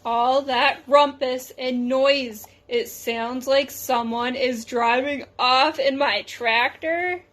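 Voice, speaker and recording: Sleepy puzzled farmer man, musing slowly, read by a woman. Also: sits high, fairly even intonation, fairly bright tone.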